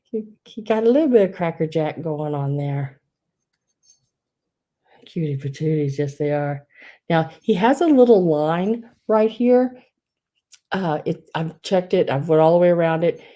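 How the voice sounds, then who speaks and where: A middle-aged woman talks her way through a live online auction, chatty and gushing as she calls out bids and counts down to the sale. Her voice sits a little low and sounds warm and mellow rather than bright. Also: expressive, measured pace, pauses often. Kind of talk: live-stream sale chat.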